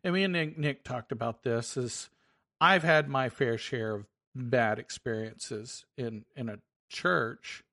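A man at middle pitch co-hosts a relaxed conversation. He backs the other speaker up before easing into his own point, and he talks in an even, conversational way. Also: slow pace. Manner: agreeable, interjects, builds a counterpoint. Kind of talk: casual chat.

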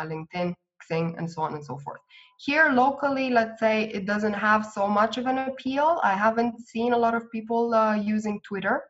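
A woman recruiter answering interview questions in a measured, explanatory way. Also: mid-range voice. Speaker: recruiter guest. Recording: slightly dull lo-fi audio.

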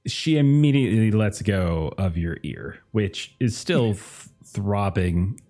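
A man's voice: fairly low pitch, lively intonation, slow, mellow. A man narrating as game master in a tabletop game, rambling with many fillers.

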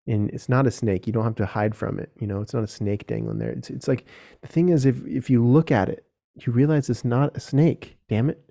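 Gravelly-voiced man, earnest solo podcast. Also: mid-range voice, steady tone, fairly quick, dark tone. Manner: earnest, direct, casual, with mild swearing. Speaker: podcast host.

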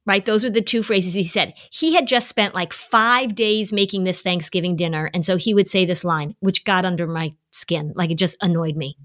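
A woman's voice: mid-range voice, a bit bright. Lady host giving family advice, chatty storyteller, does little voices for people. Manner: storytelling, playful, acts out quoted voices. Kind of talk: casual advice talk to listeners.

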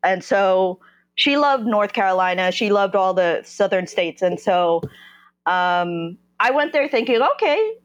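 A woman from New Jersey, a podcast guest, telling her personal story candidly in a halting way, often stopping and restarting as she searches for words. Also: mid-range voice, animated, highs cut off.

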